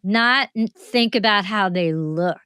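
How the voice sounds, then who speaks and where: A woman in her seventies, a talk show guest, answering questions in a thoughtful, measured storytelling way. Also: mid-range voice, sharp tone, smooth, no room sound, studio quality. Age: 70s. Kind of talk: interview conversation.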